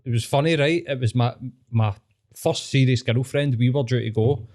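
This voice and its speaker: A Scottish man hosting a podcast, telling sweary, animated stories in casual chat. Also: mid-range voice, moderate pace. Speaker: podcast host.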